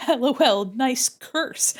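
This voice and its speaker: Upbeat woman streamer with a slightly high voice, chatting loosely with her viewers while she draws. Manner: bubbly, rambling, giggles often; chats with viewers, thinks aloud. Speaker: streamer painting digital art. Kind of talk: casual live-stream chat while drawing.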